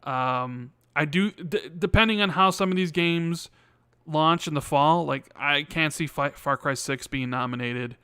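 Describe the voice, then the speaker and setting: A man co-hosting a casual podcast, with a slightly high, smooth and clear voice. He rambles with plenty of fillers while reading viewer questions aloud. The recording is close and dry. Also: unhurried, sharp tone, no echo. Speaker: podcast co-host.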